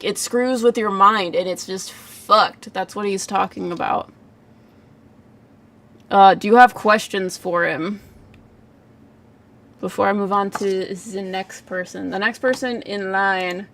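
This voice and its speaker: A woman's voice: mid-range voice, fairly even intonation, takes it slowly, pauses often, a bit bright. A woman giving live psychic readings in a casual livestream chat, full of "like" fillers, frequent laughs and casual swearing.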